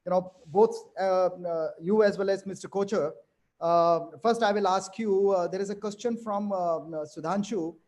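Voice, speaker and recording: Man from India, panel moderator, high voice, halting and filler-heavy. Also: darkish tone. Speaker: session moderator.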